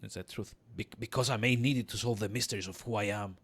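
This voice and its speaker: A man voicing a scarred male wanderer hero, giving low, hesitant replies in game dialogue. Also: steady tone, quick pace, a bit bright, breathy edge. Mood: subdued.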